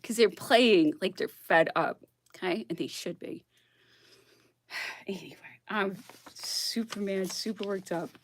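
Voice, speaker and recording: A woman's voice: on the low side, no echo. A woman blogger on a casual, worked-up rant who keeps asking "okay?" and laughs between her points.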